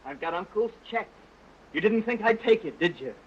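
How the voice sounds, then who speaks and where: A man's voice: high-pitched, lively intonation, moderate pace, a crowd in the background. An actor playing a brash, bitter young man in a 1929 talkie, sardonic in manner. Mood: mocking. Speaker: film actor. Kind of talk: 1929 early talkie acting. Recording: muffled early sound film with score.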